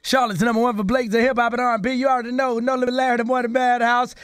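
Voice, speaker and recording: A man hosting a morning radio show, joking loudly and hyping up the guests. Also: very high voice, little pitch movement, very fast, smooth, dry recording, studio quality. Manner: loud, joking, hype. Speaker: radio host.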